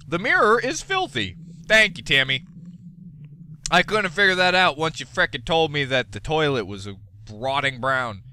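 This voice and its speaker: Man, let's play commentary, excitable, profane, lively swooping pitch, sharp bright tone. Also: a little hiss or hum. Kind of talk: gameplay commentary.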